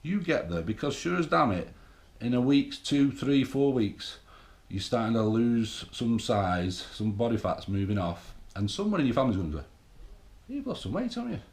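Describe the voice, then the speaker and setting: A man's voice: mid-range voice, animated, normal speed, few pauses, a little mellow. A middle-aged man, talking to camera in a casual, rambling, sweary motivational monologue about bodybuilding. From England. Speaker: bodybuilding vlogger. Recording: echoey room.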